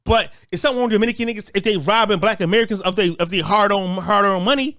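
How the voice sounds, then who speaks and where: Man, high voice, dry close sound, profane rant, stumbling repeated restarts. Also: rapid-fire, fairly bright tone, no room sound. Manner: repetitive stammering restarts, heated. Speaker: commentator. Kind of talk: profane ranting commentary.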